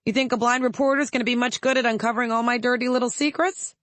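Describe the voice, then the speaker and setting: Woman voicing a senator, man, older, booming, folksy, blustering, audiobook. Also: lively intonation, unhurried, a bit bright, no echo. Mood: scolding.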